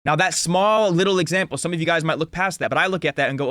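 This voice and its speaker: This earnest vlogger, a man in his twenties, rattles off a casual motivational monologue of life advice with hardly any pauses. His voice is a little high, fast and fairly bright, and the studio-quality sound has no echo. He says "like" constantly and keeps restarting his sentences.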